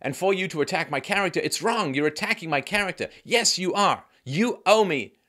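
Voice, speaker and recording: A man mimicking a furious woman athlete who is demanding an apology, in a shrill, indignant and insistent voice. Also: animated, a little fast, sharp tone, full character voice.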